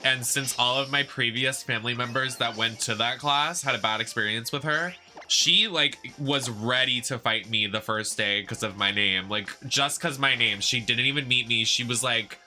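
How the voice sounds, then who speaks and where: Sassy young dude ranting while he games, super bright voice, desk mic, soft game music under. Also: medium pitch, normal speed. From United States. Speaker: streamer. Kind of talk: casual chat while gaming.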